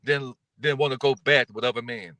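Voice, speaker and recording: A man's voice: mid-range voice, steady tone, brisk, bright, forceful tone, no echo. A man in his fifties telling stories in a casual chat, acting out the people in them. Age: 50s.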